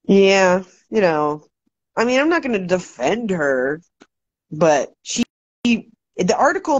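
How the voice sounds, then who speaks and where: A woman's voice: mid-range voice, big pitch swings, takes it slowly, long pauses, breathy edge, no echo. Profane woman ranting on a livestream. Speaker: livestream host. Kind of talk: casual livestream chat. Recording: dry, dull lo-fi sound.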